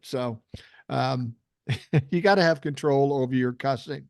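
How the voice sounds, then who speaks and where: An older man casually telling profane, animated stories as a guest on a podcast. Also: medium pitch, unhurried, vocal fry, no echo, studio quality. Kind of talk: casual storytelling chat.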